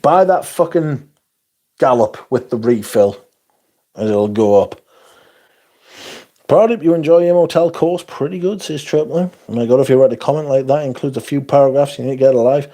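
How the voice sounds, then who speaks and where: A man's voice: mid-range voice, moderate pace, warm tone. A man hosting a livestream, chatting casually as he reads viewer comments aloud in a blunt, profane, sarcastic way. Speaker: livestream host.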